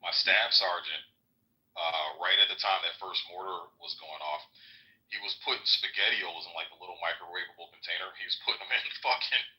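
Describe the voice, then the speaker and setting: A man's voice: deep voice, bright, forceful tone, rough recording. A man telling a war story in casual chat, profane and loose, saying "bro" a lot. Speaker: Iraq veteran, guest.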